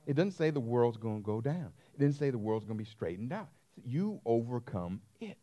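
A man's voice: mid-range voice, sing-song, normal speed, warm tone. A man preaching a sermon as pastor, emphatic and repetitive, calling out questions to his congregation.

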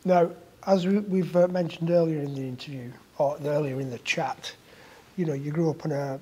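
A man interviewing a guest in a relaxed chat, laughing along and giving short replies. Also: fairly high pitch, husky. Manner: quick backchannels, laughs along.

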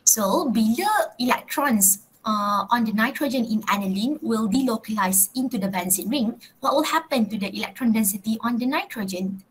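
A young woman with a Malaysian accent leads a live chemistry lesson. She moves between Malay and English and keeps checking in with her students. Her voice sits a little high and has a soft, breathy edge. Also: moderate pace, few pauses, poor audio. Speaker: chemistry teacher. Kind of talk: live online class lecture.

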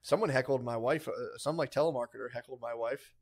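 A man's voice: mid-range voice, fast. Profane man telling stories with laughs. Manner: profane, laughing storyteller who acts out quoted voices. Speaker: podcast co-host. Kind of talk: casual chat.

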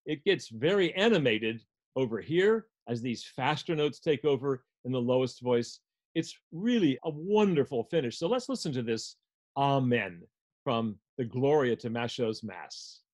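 A man's voice: medium pitch, expressive, a little slow, a little mellow. An older man lecturing on music, explaining a score step by step as he guides listeners through it.

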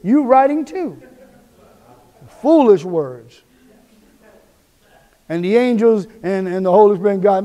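High-voiced preaching man in reverb. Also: animated, measured pace, pauses often, dark tone. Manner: emphatic, repetitive preaching with quoted inner voices. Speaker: pastor. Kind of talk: sermon.

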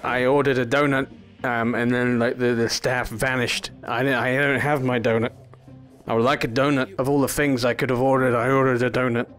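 A man giving mock-pompous, deadpan commentary while trolling players in a VR game. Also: mid-range voice, brisk, soft background music. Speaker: gaming YouTuber. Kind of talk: comedic VR gameplay commentary.

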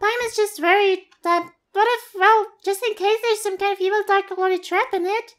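A woman's voice: steady tone, moderate pace, a bit bright. A woman voicing a tiny, chirpy fairy companion girl who talks about herself by name, in a game. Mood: fretful. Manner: chatty, squeaky, refers to herself by name.

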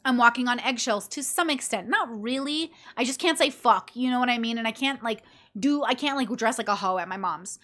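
A woman's voice: on the high side, brisk, few pauses, fairly bright tone. A tired woman hosting her own podcast, talking casually and animatedly, acting out friends and swearing freely. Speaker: podcast host.

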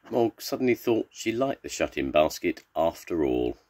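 An older man reading a children's storybook aloud in a slow, expressive way. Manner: slow and expressive, with lots of pitch swings.

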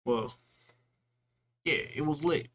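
A man's voice: on the high side, slow pace, a bit bright. Rambling, slangy young man from California. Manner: rambling, swears a lot, slangy. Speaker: reaction video host. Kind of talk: casual rambling commentary.

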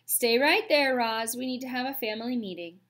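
A sensible beaver mother, voiced by a female reader talks in a brisk, no-nonsense way. She is firm and practical. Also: fairly high pitch, lively intonation.

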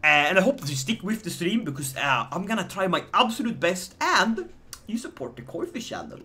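A man with a Swedish accent and a high, brisk voice commentates his live game stream, joking and animated as he talks to chat.

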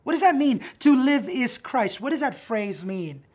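Husky-voiced animated preacher man. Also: very high-pitched, normal speed. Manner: animated, acts out quotes, frequent "right?" tags. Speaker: pastor. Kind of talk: sermon.

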